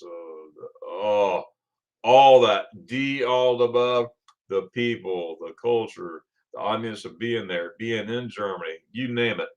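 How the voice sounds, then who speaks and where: A middle-aged man from Florida hosts a laid-back livestream, talking with viewers and reading their comments out loud while laughing a lot. His voice sits on the low side and his pace is measured.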